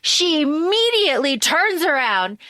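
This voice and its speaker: Podcast co-host, woman; casual, animated recap, dry close mic. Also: high-pitched, measured pace, no echo. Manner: animated, swearing, acts out lines in quotes. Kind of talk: casual movie recap chat.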